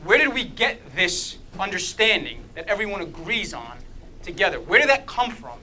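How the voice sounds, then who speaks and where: A man's voice: sits high, normal speed, slight background noise, rough recording. A man leading a group talk on faith, quizzing the audience with constant "okay?" checks and playful asides. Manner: lively and animated, with a playful humor. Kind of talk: interactive apologetics talk.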